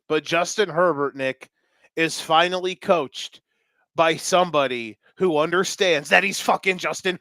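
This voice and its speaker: Excitable man talking football. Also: fairly high pitch, no echo. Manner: animated, swearing, jokey. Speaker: podcast co-host. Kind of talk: excited sports talk.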